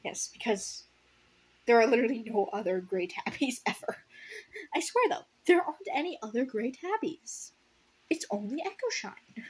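A woman's voice: fairly high pitch, animated, moderate pace, breathy edge. A woman casually reading a fan story aloud and breaking off for sarcastic, laughing commentary. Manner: sarcastic, laughs often, unscripted. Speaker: audiobook reader and commentator.

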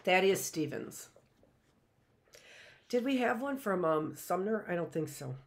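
Chatty woman teacher, slightly low voice. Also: sing-song, measured pace. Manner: chatty, thinks aloud with asides and rhetorical questions. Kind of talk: live online history lesson.

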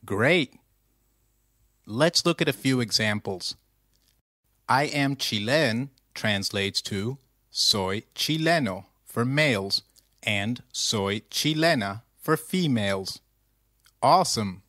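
A man teaching a scripted language lesson at a slow, deliberate pace. His mid-pitched voice is recorded dry and close, with no room sound. He repeats each phrase patiently so the learner can follow. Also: expressive, pushed and bright, no echo.

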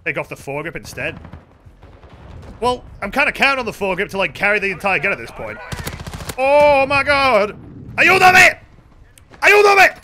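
A man's voice: sits high, very animated, fast talker, bright, forceful tone, slight background noise. A young man streaming a shooter game, chatting casually with profane, joking banter and offhand rants. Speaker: gaming streamer. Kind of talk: casual live gameplay commentary.

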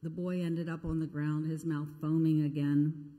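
A woman's voice: sits low, little pitch movement, moderate pace, mellow, slight background noise. A woman pastor giving a conversational sermon, telling a scripture story in a self-deprecating way. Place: church sanctuary. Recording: echoey church sanctuary.

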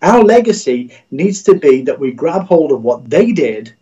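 A man's voice: fairly high pitch, very animated, moderate pace, warm tone, lo-fi sound. A middle-aged man, a Christian radio executive, speaking as a guest in a livestream interview over a video call, in an earnest, preacher-like way with repeated phrases.

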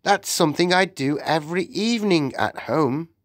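Guy doing a bratty greedy boy mouse, high and blustery, voice jumping all over, slow dry reading. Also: expressive, no echo, natural voice. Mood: perking up. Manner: indignant, blustering, shouts. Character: loud-mouthed greedy boy turned mouse.

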